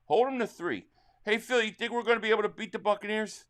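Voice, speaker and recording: High-voiced excitable football streamer, man. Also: fast talker, very noisy. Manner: excitable play-by-play calling, reading viewer chat. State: slightly losing his voice. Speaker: live stream host. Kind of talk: live sports reaction stream.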